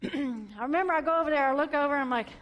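A woman police officer tells her testimony to an audience, speaking in a high voice. She talks colloquially and animatedly, often poking fun at herself. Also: rapid-fire, lo-fi sound. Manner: animated, colloquial, self-mocking. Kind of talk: storytelling testimony.

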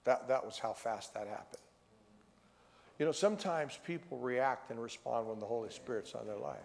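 Male preacher, gravelly, fervent storyteller, live church sermon with long hall reverb. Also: mid-range voice, normal speed, a little mellow. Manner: fervent storytelling, acting out dialogue.

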